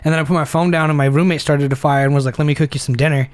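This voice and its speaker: A man's voice: fairly even intonation, very fast, dry recording. Rambling young man, dry mic. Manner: rambling, laughs often, jumps up high when mimicking people. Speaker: podcast co-host. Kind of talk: casual chat over beers.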